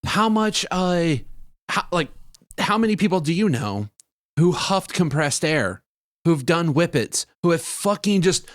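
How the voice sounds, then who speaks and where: A man's voice: a little high, animated, measured pace, no room sound. Blunt, profane man on a dry mic. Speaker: podcast guest. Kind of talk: casual podcast chat.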